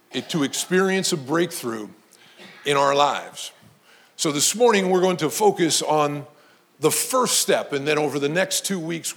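Male pastor with a high voice, preaching with emphatic build-ups. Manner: storytelling preacher, emphatic, rising to shouts. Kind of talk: sermon.

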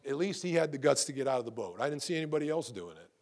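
A middle-aged pastor delivers a sermon to his congregation in a lively, conversational style, posing rhetorical questions and often repeating words. His mid-range voice comes out rapid-fire.

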